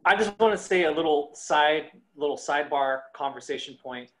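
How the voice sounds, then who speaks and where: A man's voice: a little high, animated, moderate pace, low-quality recording. A man co-hosting a podcast, rambling and restarting his thoughts in casual chat. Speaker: podcast co-host.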